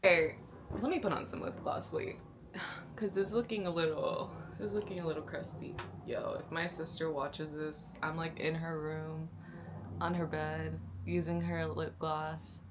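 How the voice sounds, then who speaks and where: A woman's voice: low voice, unhurried, background noise. Gushing young woman book vlogger. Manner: gushing, excitable, slangy. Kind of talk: casual reading vlog. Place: sister's bedroom, indoors.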